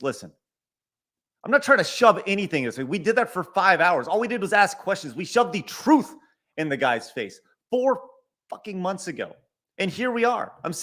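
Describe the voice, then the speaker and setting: A man's voice: fairly high pitch, pushed and bright. A middle-aged man hosting a live stream, reading viewer donations and ranting with exasperation, repeating himself, stumbling over words and swearing. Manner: stutters and restarts often. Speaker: podcast host. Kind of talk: live-stream rant reading super chats.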